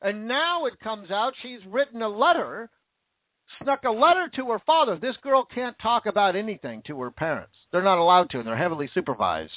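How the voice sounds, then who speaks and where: A man with a high, animated voice rants a little fast, cursing, posing rhetorical questions and sometimes getting sarcastic. He's a commentator, recorded with tinny, phone-like sound and no echo.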